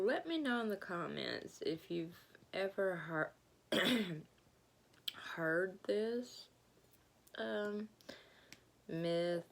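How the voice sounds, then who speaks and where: A woman with a Southern Alabama accent, telling a story in a rambling, halting way as she eats and talks with her mouth full. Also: fairly low pitch, creaky. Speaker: vlogger. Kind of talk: casual storytelling while eating.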